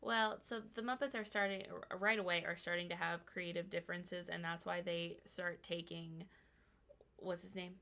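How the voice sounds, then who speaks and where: A woman co-hosting a casual podcast chat, calmly recapping and giving short agreeing replies. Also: on the low side, normal speed. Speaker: podcast co-host.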